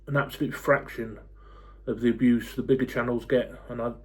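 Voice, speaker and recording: A man's voice: mid-range voice, little pitch movement, a little fast. Blunt man in his forties. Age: 40s. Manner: blunt, swears freely, many filler ums. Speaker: football fan YouTuber. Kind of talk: casual to-camera rant.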